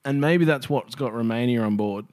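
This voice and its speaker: A man's voice: mid-range voice, normal speed, darkish tone, no echo, studio quality. Rambling Australian man, laughing often. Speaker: podcast co-host. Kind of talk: casual chat.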